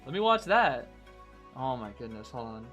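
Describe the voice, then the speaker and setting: A man streaming, casually co-commentating esports matches and chatting to viewers in an excitable way, often saying "bro" and laughing. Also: mid-range voice, normal speed, muffled recording, soft background music.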